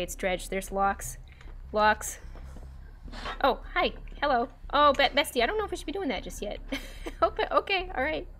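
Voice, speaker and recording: A woman's voice: fairly high pitch, a bit bright. A young woman streaming a horror game, giggling and easily spooked as she comments on her play.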